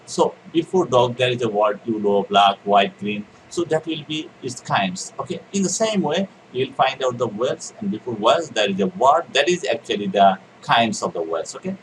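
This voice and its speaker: A man's voice: medium pitch, big pitch swings, normal speed, few pauses, far from the mic, background noise. A man teaching an exam reading lecture, repeating key words and answering his own questions. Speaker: IELTS teacher. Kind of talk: recorded exam-prep lecture.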